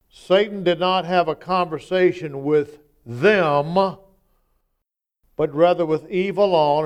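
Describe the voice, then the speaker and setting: A man's voice: a little high, clean tone. A man preaching a sermon, emphatic and conversational, acting out quoted lines.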